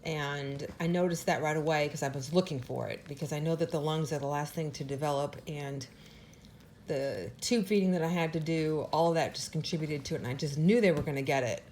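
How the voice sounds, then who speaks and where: A woman's voice: a little fast, a little mellow, a little hiss or hum. A woman dog breeder giving an earnest, emotional home update on her puppies. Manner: earnest and emotional, talks to the puppies in a high sing-song. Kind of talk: casual update to camera.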